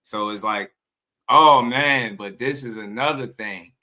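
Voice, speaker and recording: A man's voice: mid-range voice, unhurried, sharp tone. A man hosting a boxing channel, talking in loose, slangy commentary and often breaking into laughter.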